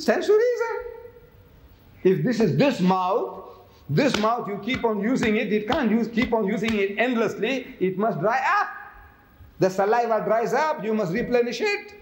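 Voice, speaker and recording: Male lecturer, slightly high voice, roomy hall sound, rhetorical questioning style. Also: slight background noise. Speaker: religious lecturer. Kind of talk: public lecture.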